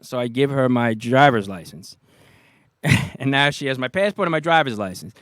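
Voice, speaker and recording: Middle-aged New York man, storyteller, mid pitch, dry close sound. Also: normal speed, dry recording. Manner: animated anecdotes, acts out quoted voices, laughs often. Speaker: guest, retired police officer. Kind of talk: casual storytelling.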